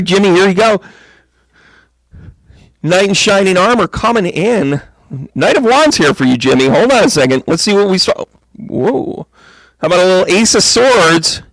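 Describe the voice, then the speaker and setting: A man's voice: lively intonation, normal speed, gravelly, a bit bright, dry recording. A man giving a casual, joking tarot reading to viewers on a livestream, chatty and playful. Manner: jokey, chatty, slips into silly high voices.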